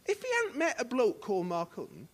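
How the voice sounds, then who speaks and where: Preaching in a church hall, a middle-aged associate pastor acts out the dialogue of his stories, swinging from hushed to loud. He speaks a little fast in a very high-pitched voice with huge pitch swings.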